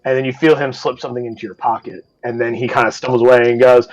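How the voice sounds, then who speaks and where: A man's voice: mid-range voice, steady tone, fast, few pauses, poor audio. A man running a live-streamed tabletop game as game master, talking loosely with lots of fillers and the odd swear.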